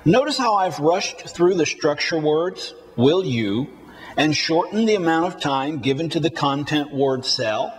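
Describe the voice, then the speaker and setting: A man teaching a recorded spoken-English lesson, reading model sentences slowly and deliberately for learners to repeat. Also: on the high side.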